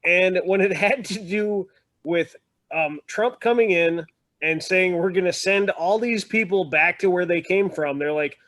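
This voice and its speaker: A man telling animated, wry stories in a casual video-call chat. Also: sits high, a little slow, dry recording.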